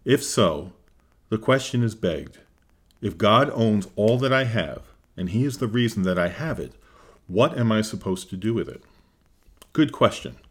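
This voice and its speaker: Low-voiced male Bible teacher, earnest and measured, scripted devotional delivery. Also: expressive, breathy edge.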